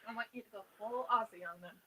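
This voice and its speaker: A woman's voice: on the high side, fast talker, pushed and bright, breathy edge, rough recording. Woman chatting briefly on a craft livestream. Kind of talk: casual livestream chat.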